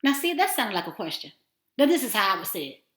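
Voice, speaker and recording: A woman teaching a self-affirmation lesson in an encouraging, animated way, at times dropping to a near-whisper. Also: mid-range voice, fast talker. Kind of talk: casual spoken lesson. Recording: roomy echo.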